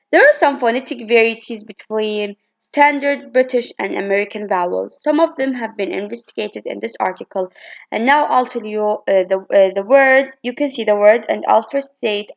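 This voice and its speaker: A woman's voice: medium pitch, gravelly, muffled recording. A woman reading a presentation on vowel pronunciation from her slides, with hesitant restarts and fillers. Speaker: student presenter.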